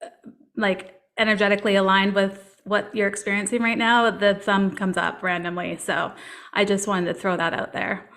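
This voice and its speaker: A woman's voice: mid-range voice, level tone, normal speed, a bit bright. Earnest, encouraging woman podcast host. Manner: earnest and encouraging, many fillers. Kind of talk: casual podcast conversation.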